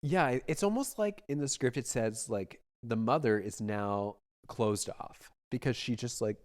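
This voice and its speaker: A man co-hosts a casual film-review podcast on a studio mic. He talks at an everyday mid pitch in a relaxed, conversational way, often thinking aloud and trailing into fillers. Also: measured pace. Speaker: podcast co-host.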